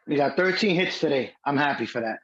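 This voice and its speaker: Hyped baseball co-host guy, high voice that jumps around, muffled lo-fi audio. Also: fast. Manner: excitable, stumbles and repeats words. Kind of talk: live baseball watch-along chat.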